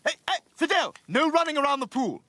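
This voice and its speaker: A man voicing a loud, oafish middle-aged cartoon dad who talks in a bumbling, childish, self-important way. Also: very high-pitched, very animated, a little fast, full character voice. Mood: cheerful host. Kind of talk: animated sitcom voice acting.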